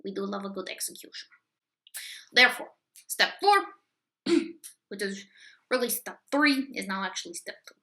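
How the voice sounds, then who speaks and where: Woman doing a deadpan fake-Russian commissar. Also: fairly high pitch, a little slow, pauses often, rough recording. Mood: menacing deadpan. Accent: put-on fake Russian accent. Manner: deadpan, menacing, crude. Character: gloomy cruel Russian woman party official. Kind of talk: comedic character sketch.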